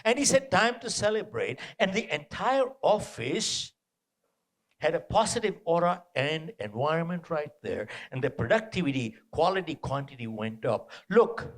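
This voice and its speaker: High, lively motivational speaker man. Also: normal speed. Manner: animated, punchy repetition, rhetorical questions. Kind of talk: live talk to an audience. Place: indoor event venue.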